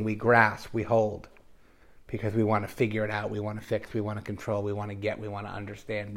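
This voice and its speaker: Male meditation teacher, low and gravelly, casual dharma talk with quiet playful asides. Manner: conversational, drifts into soft asides and playful self-quotes.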